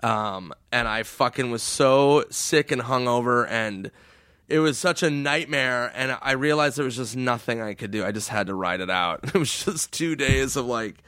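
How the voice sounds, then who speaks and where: Male comic guest, casual storyteller, mid-pitched, dry close mic. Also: moderate pace, no room sound. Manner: animated storyteller, acts out voices in high pitch. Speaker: comedian guest.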